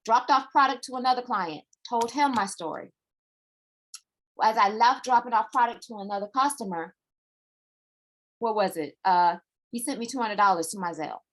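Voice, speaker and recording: A woman hosting a live morning chat show, telling a personal story in a chatty, animated way and acting out what others said. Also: on the high side, moderate pace, long pauses. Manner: chatty, animated, acts out quoted voices. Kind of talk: casual live-stream storytelling.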